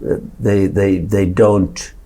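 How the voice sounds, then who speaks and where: A man in his seventies with a Swedish accent, a guest on an interview podcast, talking in halting stretches with many restarts and repeated words. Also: sits low, little pitch movement, gravelly, mellow. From Sweden. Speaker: guest actor.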